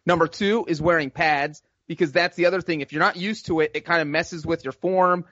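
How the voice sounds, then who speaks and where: Male co-host, slightly raised pitch, laid-back explainer, lo-fi dry mic. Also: steady tone, a little fast, bright, forceful tone, no room sound. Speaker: podcast co-host. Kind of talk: casual sports chat. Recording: dull, lo-fi dry audio.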